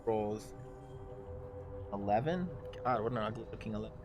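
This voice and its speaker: Halting male game master, faint music. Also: medium pitch, a bit bright. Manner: halting, loose narration full of fillers. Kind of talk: narrating a tabletop game on a livestream.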